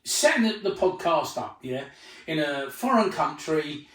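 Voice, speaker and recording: A man conducts a casual interview with a high, lively voice, adding "yeah" as he goes and restarting often. He sounds far from the mic in a very echoey room. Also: measured pace. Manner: loose chatty questions, frequent restarts and "yeah" tags.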